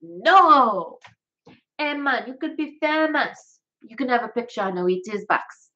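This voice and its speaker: A woman's voice: on the high side, animated, a little slow, sharp tone, dull audio, pitched above the performer's own voice. A woman voicing a brash young Jamaican man who coaxes a friend to join a team, in a put-on Jamaican accent. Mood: coaxing. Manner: boastful, coaxing.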